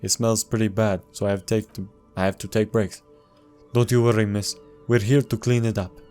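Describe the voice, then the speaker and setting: A man narrating his video game walkthrough in a fairly low voice, reading the on-screen text aloud. He slips in dry asides as he goes, and game music plays faintly underneath. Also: little pitch movement, normal speed, darkish tone. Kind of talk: casual gameplay commentary.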